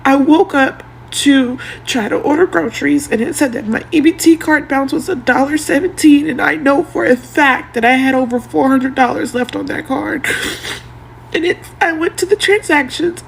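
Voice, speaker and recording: High, gravelly woman close to tears. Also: slight background noise. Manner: upset, pleading, close to tears. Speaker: single mother. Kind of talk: tearful phone video.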